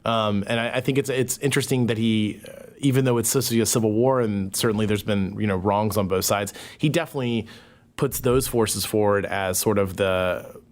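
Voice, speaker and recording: A man talking as a podcast guest, thoughtful and hesitant with many pauses and fillers. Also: fairly low pitch. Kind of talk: casual conversation.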